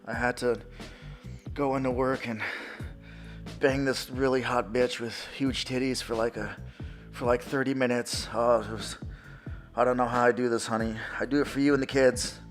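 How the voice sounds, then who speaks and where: A man's voice: mid-range voice, flat delivery, normal speed, pauses often, soft background music, pitched below the performer's own voice, lightly acted. A man voicing a crude, self-pitying male porn actor who moans to his wife about his job, as an improvised comic bit. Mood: weary.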